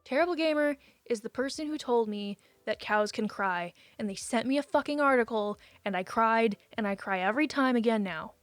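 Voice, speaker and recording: A young woman chats casually on a live stream, reading messages from viewers. She's emotional and quick to say she'll cry. Her pitch is fairly high, and the dry recording carries faint music behind her.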